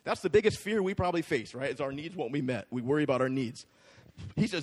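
A man's voice: on the high side, lively intonation, fast, darkish tone. A man preaching a sermon to a congregation, talking in a casual, conversational way and often asking "right?". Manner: conversational, checks in with the crowd with frequent "right?". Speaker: pastor. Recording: long hall reverb.

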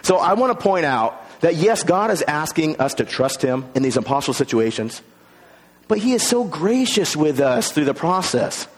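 Male pastor, animated sermon delivery, slightly high voice, long hall echo. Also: moderate pace. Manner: animated, acts out voices in quotes.

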